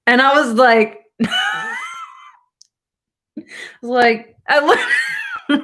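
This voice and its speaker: A woman's voice: high-pitched, huge pitch swings, extremely slow, long pauses, fairly bright tone. A young woman vlogger telling a rambling story to her viewers with lots of asides and laughter.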